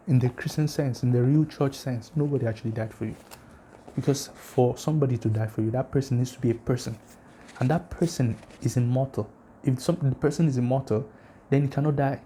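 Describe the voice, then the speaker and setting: Mellow-voiced man arguing emphatically. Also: medium pitch, slight background noise. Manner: emphatic, challenging, rhetorical questions; addresses viewers directly, asks for comments. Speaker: religious channel host. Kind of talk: casual argumentative lecture to camera.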